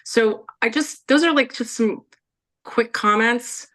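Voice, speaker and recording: A woman's voice: a little high, slow pace, a bit bright. A woman giving a critical public comment at a township meeting, hedging often with fillers. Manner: hesitant, filler-heavy, critical.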